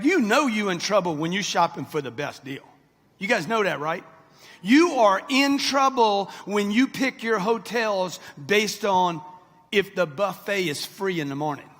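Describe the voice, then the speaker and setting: A man's voice: sits high, a bit bright. Brash man in his sixties, echoing hall. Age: 60s. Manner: brash, punchy, talks straight to the crowd. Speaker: motivational speaker. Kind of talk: live motivational speech to an audience. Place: large event hall with a live audience. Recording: long hall reverb.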